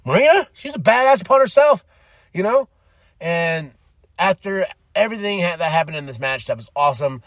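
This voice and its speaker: Chatty man with a fairly high voice. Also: animated, a little fast, no echo, studio quality. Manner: enthusiastic, rambling, laughs often, fan's opinions. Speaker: podcast host. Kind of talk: casual commentary.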